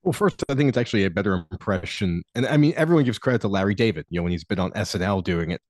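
A man's voice: lowish voice, lively intonation, very fast, darkish tone, no room sound, clean studio sound. A man co-hosting a political podcast who tells stories in a rambling way, full of fillers. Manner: rambling, many "you know" fillers. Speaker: podcast co-host. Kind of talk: casual podcast storytelling.

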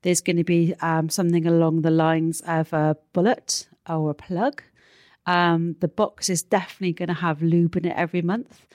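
Welsh woman, lowish voice, dry close sound, businesslike explaining. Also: fairly even intonation, moderate pace, darkish tone, no room sound. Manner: businesslike, explains step by step with filler ums. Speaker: guest entrepreneur. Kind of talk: casual interview chat.

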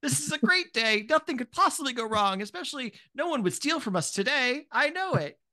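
A bright, fussy little creature manager with a clipboard bustles along in chipper praise, as a game master puts it on. The voice is lifted high above the speaker's usual tone. A tabletop role-play figure, eager and upbeat. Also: animated, brisk, exaggerated voice. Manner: chirpy, encouraging, fussy praise.

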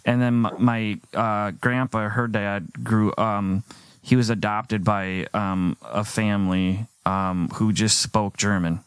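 A man's voice: fairly low pitch, steady tone, slow pace, clear, resonant tone, no echo. A man hosting a podcast, chatting casually and rambling with fillers and quoted asides. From United States. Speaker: podcast host. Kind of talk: casual interview chat.

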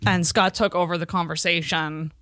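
A woman's voice: lowish voice, fairly even intonation, normal speed, bright, forceful tone, no room sound, clean studio sound. A woman co-hosting a podcast, telling a story in casual chat with wry asides. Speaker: podcast co-host.

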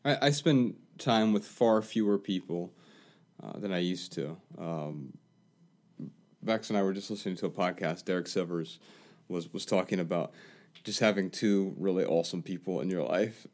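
A man co-hosting a podcast, giving advice in a thoughtful, measured, casual way. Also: sits low, a little mellow. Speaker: podcast co-host.

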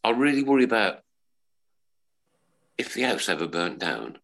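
A man's voice: lowish voice, normal speed, gravelly. A middle-aged man, chatting as a panelist on a football fan podcast, telling stories and often asking "right?". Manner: animated, storytelling, keeps asking "right?". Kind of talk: casual chat.

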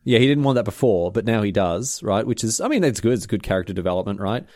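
Podcast co-host, very expressive pitch, dry close sound, playful and fast to joke. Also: male voice, no room sound. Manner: animated, jokey, mimics cartoon voices. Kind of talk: casual chat.

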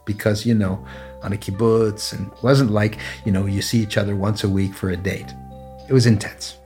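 A man in his sixties from Canada, telling personal stories in a measured, anecdotal way in an interview. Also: fairly low pitch, fairly even intonation, darkish tone. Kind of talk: reflective storytelling interview. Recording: faint guitar music underneath.

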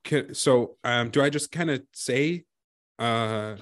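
A man's voice: mid-range voice, slow, fairly bright tone. A man playing a shy, anxious young child who hesitates with many ums and trails off. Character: nervous awkward young child, shy with strangers.

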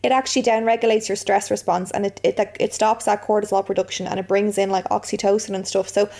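A woman's voice: medium pitch, level tone, fast, vocal fry, darkish tone. A woman hosting a casual chat, frank and blunt, with casual swearing. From Ireland.

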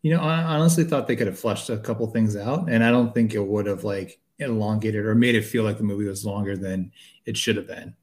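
A man's voice: on the low side, a little fast, a little mellow. A man co-hosting a podcast, chatting casually about a film, reminiscing and laughing easily. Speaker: podcast co-host. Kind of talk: casual movie chat.

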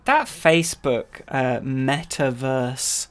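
Animated podcast lady, chatty, jumps up high when she mimics people. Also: slow. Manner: animated, mimics voices with sudden high squeals. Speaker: podcast co-host. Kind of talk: casual chat.

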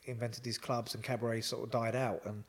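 On a podcast, a male guest shares personal stories in a casual chat, wandering along with plenty of fillers and quoted dialogue. His voice sits at medium pitch with little variation, and he talks fairly quickly.

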